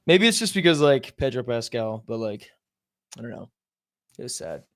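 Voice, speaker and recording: A man's voice: mid-range voice, big pitch swings, moderate pace, a bit bright. A man joining a casual podcast as a guest, talking in slang and swearing a lot. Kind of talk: casual chat.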